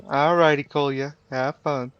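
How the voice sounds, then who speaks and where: A man's voice: a little high, fairly even intonation, a little slow, dull audio, slight background noise. Joking man streaming a game. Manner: joking, teasing chat, mock British phrases. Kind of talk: casual live gameplay commentary.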